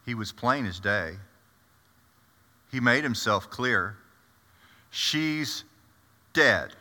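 A man's voice: medium pitch, animated, drawn-out words, bright, forceful tone, full character voice. A man playing blunt, impetuous apostle Peter. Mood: storytelling. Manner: chatty, confiding asides to the audience. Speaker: preacher performing a first-person monologue. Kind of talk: dramatic first-person monologue. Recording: echoey hall.

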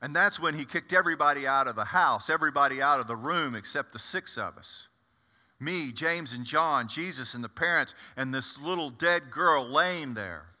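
A man's voice: fairly high pitch, moderate pace, sharp tone. A man performing a first-person monologue as the apostle Peter, a blunt and impetuous fisherman, with chatty, confiding asides to the audience. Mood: storytelling. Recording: echoey hall.

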